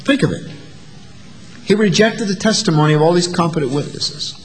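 A man's voice: fairly high pitch, expressive, brisk, in a large hall, a little hiss or hum. A man preaching a sermon in a dramatic way, acting out the voices of the people in his story. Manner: dramatic, acts out voices of the disciples and doubters.

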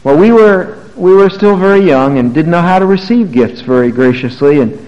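Older preacher in a reverberant church. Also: male voice, a little high, expressive, moderate pace. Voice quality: preacherly, wide swings between soft asides and raised emphatic passages. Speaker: pastor. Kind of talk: sermon. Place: church sanctuary. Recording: muffled sound with long hall reverb.

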